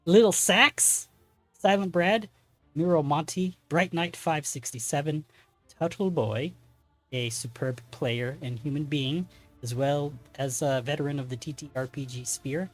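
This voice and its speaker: Chatty game master, faint music behind. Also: male voice, fairly high pitch, unhurried. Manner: rambling, chatty, many fillers and self-corrections. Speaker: game master and stream host. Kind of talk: casual stream announcements.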